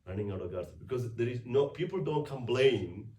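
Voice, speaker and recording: Brisk and warm, a man with a medium-pitched voice and lively intonation preaches a conversational weekday homily as a priest in church. He keeps restarting and asking rhetorical questions. Captured by a distant mic, the audio sounds roomy and carries a little hiss or hum.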